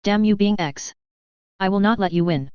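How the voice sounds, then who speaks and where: A reader doing a cold young woman officer in a storybook reading, clipped and controlled. The voice is very smooth, and the sound is dry and a little dull. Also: mid-range voice, normal speed, a little mellow, no room sound, close to an everyday voice. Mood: frustrated.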